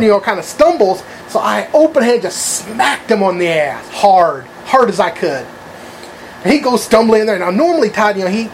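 A man's voice: sits high, slight background noise, low-quality recording. A man telling a crude, rambling anecdote in casual chat, swearing freely and laughing at his own story.

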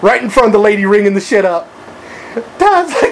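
A man's voice: high voice, animated, brisk, pauses often, slight background noise, poor audio. A man telling a crude, rambling anecdote in casual chat, swearing freely and laughing at his own story.

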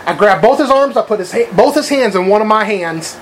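A man's voice: high-pitched, animated, brisk, crowd noise, rough recording. A man telling a crude, rambling anecdote in casual chat, swearing freely and laughing at his own story.

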